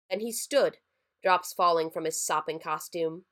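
A woman narrating a scripted horror story in a measured, somber way. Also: on the low side, a bit bright. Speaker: story reader.

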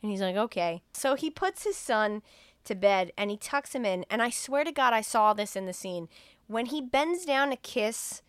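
A woman hosting a podcast, casually retelling a horror film in an animated way, acting out the characters' lines with swearing and laughter. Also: fairly high pitch, moderate pace, smooth, dry recording. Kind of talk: casual chat.

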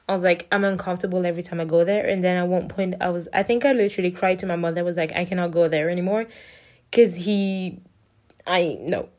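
Chatty young woman with a mellow voice. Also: mid-range voice. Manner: chatty and rambling, full of "like" and quick laughs. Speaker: vlogger. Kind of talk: casual personal storytelling.

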